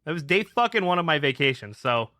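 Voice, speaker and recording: A man's voice: on the high side, big pitch swings, fast, sharp tone, no echo, clean studio sound. A man telling a heated story on a casual podcast, swearing a lot and getting fired up. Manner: profane, fired-up ranting. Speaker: podcast co-host.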